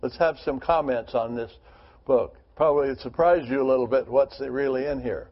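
A man's voice: medium pitch, steady tone, normal speed, muffled recording. A man leading a Bible study group, reading scripture aloud and then talking it over earnestly with rhetorical questions.

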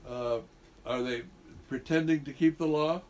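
A man's voice: on the high side, unhurried, a little mellow. Man leading a casual Bible study. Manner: conversational, quizzes the group with questions. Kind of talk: teaching a group Bible study.

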